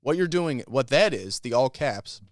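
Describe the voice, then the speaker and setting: Dude on a podcast rambling a story, swears a lot, regular pitch, dry close mic. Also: male voice, animated, normal speed, dry recording. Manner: rambling, profane retelling of a conversation. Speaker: podcast co-host. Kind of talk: casual comedic storytelling.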